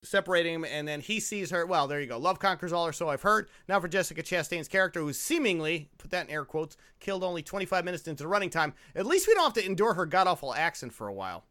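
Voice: medium pitch, big pitch swings, rapid-fire, hardly any pauses, a bit bright. A podcast host giving a sarcastic film recap from notes, cracking crude jokes. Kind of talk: casual film-review chat, reading from notes.

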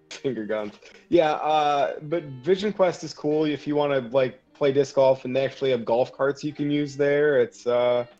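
A man's voice: medium pitch, a little slow, a little mellow. Easygoing Minnesotan man, dull-sounding recording. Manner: easygoing, laughs often. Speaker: podcast co-host. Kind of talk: casual chat. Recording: slightly dull, music behind.

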